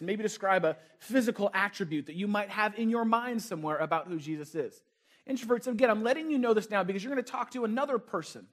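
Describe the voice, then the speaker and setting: Playful high-voiced male pastor. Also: quick pace, a bit bright. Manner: conversational, playful, asks the crowd questions. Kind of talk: sermon.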